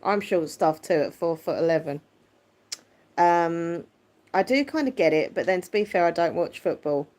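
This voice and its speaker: A woman hosting a casual livestream, chatting and answering viewer comments. Her voice is squeaky yet deep, and her manner is chatty and quick to laugh. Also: expressive, darkish tone. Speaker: livestream host. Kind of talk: casual live chat, reading viewer comments.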